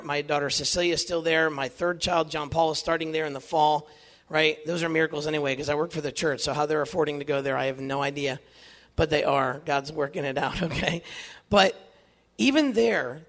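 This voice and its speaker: A man in his fifties giving an earnest, animated inspirational talk to young people, telling his own faith story with self-deprecating humor. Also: a little high. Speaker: Catholic youth speaker.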